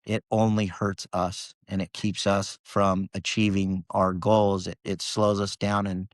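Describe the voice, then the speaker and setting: A man's voice: low voice, little pitch movement, a little slow, no room sound. A man as a podcast guest, telling a personal story in an earnest, emotional way with many restarts.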